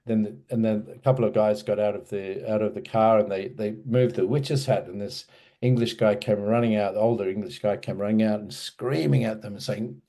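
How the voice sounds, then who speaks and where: Hesitant man with a mellow voice. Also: fairly low pitch, fairly even intonation, fairly quick. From Australia. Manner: hesitant, rambling, many fillers. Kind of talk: casual spoken recollection.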